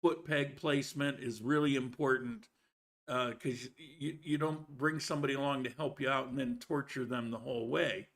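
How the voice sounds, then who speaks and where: A man's voice: mid-range voice, steady tone, normal speed, a bit bright. A man hosting a live stream, greeting viewers by name and chatting casually with frequent restarts. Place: living in Colombia.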